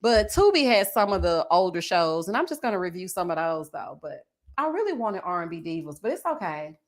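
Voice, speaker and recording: A woman recapping a reality show on her channel, chatting loosely with viewers, reading their comments aloud and laughing often, with drawn-out endearments. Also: lowish voice, very animated. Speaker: TV recap YouTuber. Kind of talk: casual recap commentary reading live chat.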